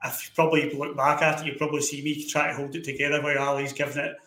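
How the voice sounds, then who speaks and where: A man's voice: on the high side, little pitch movement, very fast, pushed and bright. A Scottish man co-hosting a podcast, easygoing and self-mocking in casual chat. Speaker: podcast co-host. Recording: echoey room with faint noise.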